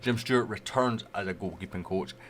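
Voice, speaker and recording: A man's voice: sits low, fairly quick, a bit bright, slight background noise. A man giving casual, rambling commentary over a management game he plays. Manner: chatty, rambling, loose. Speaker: gaming YouTuber.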